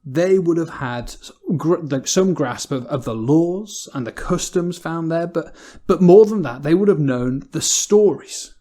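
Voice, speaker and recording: A man's voice: a little high, lively intonation, a little slow, few pauses, warm tone. An English man preaching a sermon in a church, talking in a conversational way and often repeating words as he goes.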